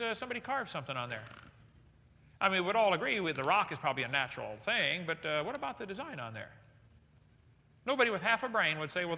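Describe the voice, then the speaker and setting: A man giving a lively seminar lecture to a live audience, firing questions at the crowd. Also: high-pitched. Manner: animated, asks the audience questions. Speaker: creationist speaker. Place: large hall with audience. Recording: echoey hall recording.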